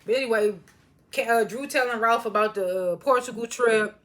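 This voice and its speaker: Woman recapper with AAVE speech, casual and animated, bright tone. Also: a little high, normal speed. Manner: laughs often, animated retellings of quotes. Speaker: reality TV recapper.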